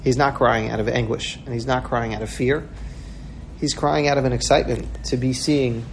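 A man's voice: medium pitch, fairly even intonation, moderate pace, gravelly, slight background noise. A man giving a sermon-style talk, telling a parable with earnest feeling and acting out the voices in it. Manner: earnest storyteller, acts out quoted voices.

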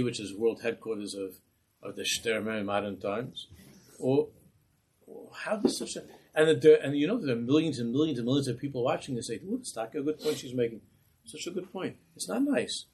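A man's voice: medium pitch, a little hiss or hum. A man, a rabbi, teaching a Torah class in a passionate, rhetorical way. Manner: impassioned, rhetorical.

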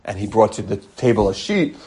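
A man in his forties, a rabbi giving a lively Torah talk, animated and mixing in Hebrew terms. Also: on the low side, fairly quick, breathy edge. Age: 40s. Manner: animated, acts out quotes, mixes in Hebrew terms.

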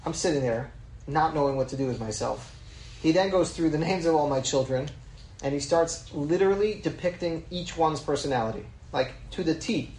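Rabbi telling stories in an echoey room. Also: male voice, on the high side, normal speed, darkish tone, a little hiss or hum. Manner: conversational, mixes in Hebrew terms. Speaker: rabbi teaching a class. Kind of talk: Torah lecture with personal storytelling.

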